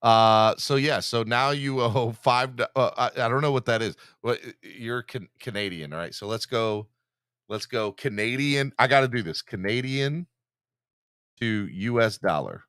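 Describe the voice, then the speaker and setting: A man hosting a live fan podcast in a casual, teasing, animated way, hyping himself up. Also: medium pitch, measured pace, smooth, no room sound, clean studio sound. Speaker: podcast host.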